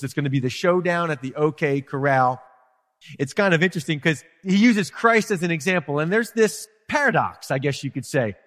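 A man preaching a sermon as pastor, animated, acting out quotes and asides to his congregation. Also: fairly high pitch, long reverb tail.

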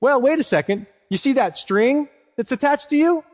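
A man's voice: very high voice, expressive, normal speed, big-room sound, pitched above the performer's own voice. A man doing a sly, mocking crow. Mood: taunting. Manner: mocking, coaxing. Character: sly taunting crow, male, tempter.

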